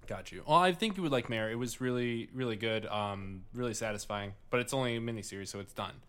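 A man's voice: medium pitch, fast, a bit bright, smooth. Rambling Midwestern man, casual podcast chat. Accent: Midwestern American. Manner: rambling, swearing, many fillers and restarts. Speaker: podcast co-host.

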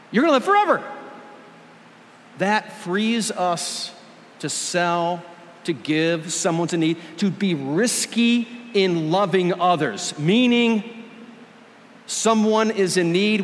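High-voiced man preaching a sermon. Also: a bit bright, in a large hall. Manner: earnest and emphatic, with dramatic slowdowns. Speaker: pastor. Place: church.

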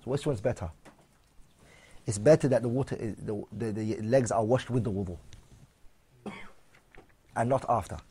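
A man's voice: fairly low pitch, normal speed, pauses often, mellow, breathy edge. A man giving a religious lesson, taking points one by one, reading them out and explaining them, often asking his listeners questions. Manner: switches between English and Arabic readings. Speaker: Islamic teacher.

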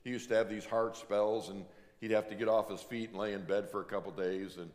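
A male pastor giving a sermon, emphatic, slowing down to drive home each point. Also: lowish voice, steady tone, darkish tone, big-room sound. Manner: emphatic preaching, slows down to stress points.

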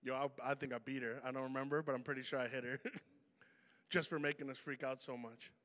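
A man preaching an energetic sermon, telling a story and swinging between loud bursts and hushed lines. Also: medium pitch, a little fast. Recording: reverberant hall.

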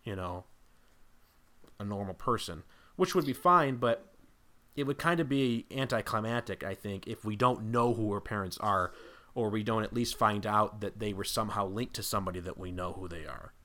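Low-voiced man rambling through a theory. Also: normal speed, pushed and bright. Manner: rambling, thinking aloud with many fillers. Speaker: podcast guest. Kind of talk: casual podcast discussion.

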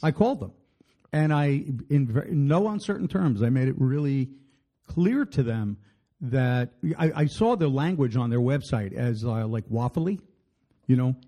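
A man with a dark, mellow tone at a middling pitch, chatting on a podcast. He drops wry, deadpan puns and stumbles as he reads text aloud. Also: unhurried. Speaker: podcast co-host. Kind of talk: casual chat.

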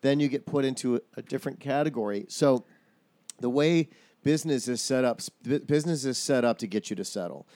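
A man's voice: medium pitch, a little fast, darkish tone, no echo. A man in casual chat, talking through his own theories at length, often restarting his sentences.

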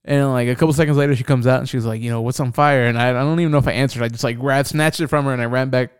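A man's voice: mid-range voice, very fast, clean tone, dry recording, clean studio sound. A young man hosting a podcast, telling a story in casual, profane chat and acting out the other people in it. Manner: animated, profane, acts out quoted voices. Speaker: podcast host.

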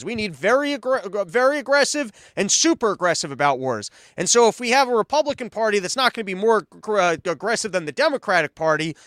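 A man's voice: high voice, a bit bright, clear, resonant tone, dry recording. A man hosting a podcast, giving rambling, mocking political commentary full of sarcastic asides. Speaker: podcast host.

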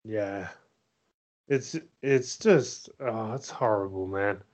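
A man co-hosting a casual wrestling podcast, excitable and quick to laugh. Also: fairly low pitch. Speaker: podcast co-host.

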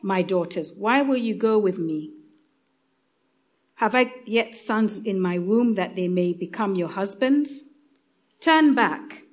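An aging, earnest widow urges the younger women to turn back, as a woman with an East African accent reads her lines. The voice stays close to a plain reading voice. It sits at a middle pitch. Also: lively intonation, slow. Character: aging widowed woman pleading with daughters-in-law.

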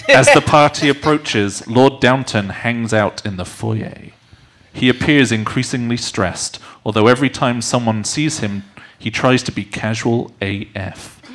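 A man's voice: medium pitch, a bit bright. Wry, playful male narrator. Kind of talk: comic narration with asides.

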